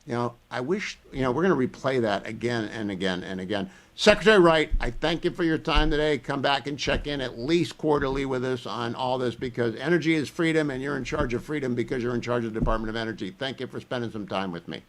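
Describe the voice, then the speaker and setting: A man's voice: medium pitch, fast, few pauses. A man hosting a political talk radio show, emphatic and opinionated, firing off questions to his guests.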